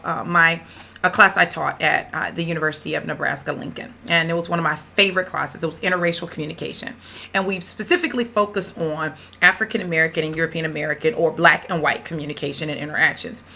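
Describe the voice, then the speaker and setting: Animated woman lecturer telling a story. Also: low-pitched, fast talker, gravelly, a little hiss or hum. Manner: animated, conversational, emphatic storyteller. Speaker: professor.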